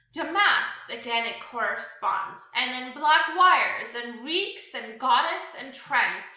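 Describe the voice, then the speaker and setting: A woman's voice: high voice, sharp tone. A woman teacher walking students through a class tutorial step by step, often adding "you know" and "okay". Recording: echoey room, dull lo-fi sound.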